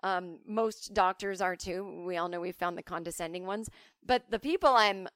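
On clean studio sound with no room noise, a woman who hosts a podcast tells comic stories in a chatty, self-mocking manner, swearing freely. Her voice is on the low side with a fairly bright tone, and she talks at normal speed.

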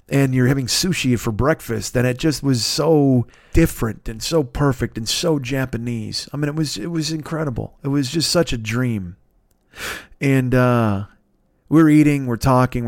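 A man spinning a casual story as a podcast host. He swears freely and keeps an animated, chatty delivery. His voice sits in a middle register, recorded dry and close. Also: mid-range voice, dry recording.

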